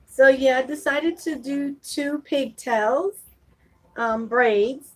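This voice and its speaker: A woman's voice: high voice, steady tone, slow, low-quality recording. A woman vlogging at home, talking to her baby in a coaxing voice and chatting with viewers. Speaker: vlogger and mother. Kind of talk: casual home vlog chat.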